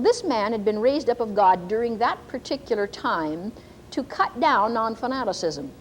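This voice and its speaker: A woman's voice: mid-range voice, a little hiss or hum, low-quality recording. A woman preacher telling a story in a folksy, earnest sermon. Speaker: preacher and teacher.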